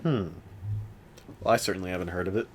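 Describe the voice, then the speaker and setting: A young man co-hosting a casual podcast chat, rambling with lots of restarts and animated rants. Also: low voice, a little fast, slight background noise. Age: young adult. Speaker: podcast co-host.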